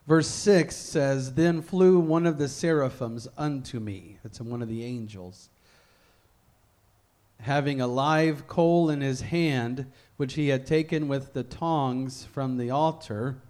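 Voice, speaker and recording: A man preaching a sermon, reading scripture slowly and deliberately, then leading a fervent prayer. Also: mid-range voice, darkish tone.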